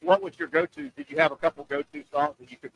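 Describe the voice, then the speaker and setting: A man hosting a live radio show from an open-air oyster bar, chatting loosely and joking in a rambling, animated way. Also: extremely high pitch, quick pace, gravelly, low-quality recording. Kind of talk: casual radio chat.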